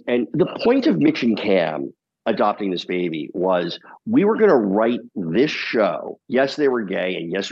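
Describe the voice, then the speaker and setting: A TV comedy producer with a lowish voice is a guest in a casual interview, telling lively stories, laughing often, and swearing casually. The recording sounds muffled.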